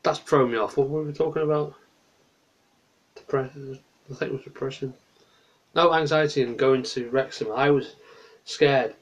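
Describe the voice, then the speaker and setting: A man's voice: mid-range voice, fairly even intonation, moderate pace, pauses often, lo-fi sound. A tired man, chatting in a rambling way to his livestream viewers late at night from a small bedroom, drifting off topic and answering chat.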